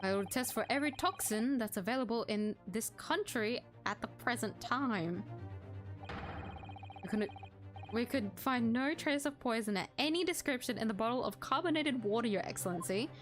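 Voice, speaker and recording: A woman's voice: a little high, animated, normal speed, soft background music, close to an everyday voice. A woman voicing a proud, meticulous male police inspector in a game, speaking precisely.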